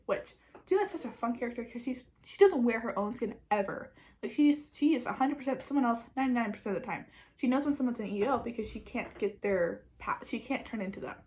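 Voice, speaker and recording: A woman's voice: fairly high pitch, a little mellow, low-quality recording. Chatty woman reviewing books. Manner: chatty, frequent "like", restarts. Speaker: book reviewer. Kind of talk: casual book review vlog.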